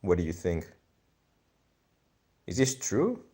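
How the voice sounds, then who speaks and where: A man's voice: low voice, wildly swooping pitch, takes it slowly, warm tone, breathy edge. A young man with a Greek accent chatting casually on a live stream, reading viewer comments and thinking aloud in a laid-back, slangy way. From Greece.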